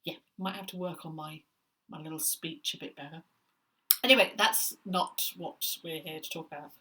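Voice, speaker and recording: A woman's voice: low-pitched, steady tone, normal speed, bright, forceful tone, breathy edge, recorded from a distance. A middle-aged woman talks in a chatty, self-mocking way, drifting into playful asides. Her voice is slightly chesty and catches now and then. She sits a little back from the mic. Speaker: book vlogger. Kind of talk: casual chat to camera.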